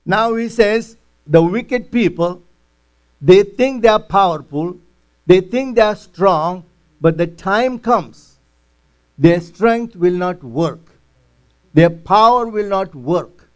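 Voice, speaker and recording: Slow, high-voiced man teaching the Bible. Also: lively intonation, clear, resonant tone. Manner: earnest, paraphrasing verses in plain words. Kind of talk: verse-by-verse Bible study.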